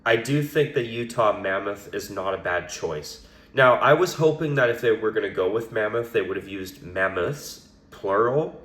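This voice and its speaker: Hoarse raspy man giving opinions. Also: lowish voice, expressive, normal speed, fairly bright tone, roomy sound. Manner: rambling, hedging opinions with frequent restarts. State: hoarse from a cold. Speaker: hockey commentator. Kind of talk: solo opinion commentary.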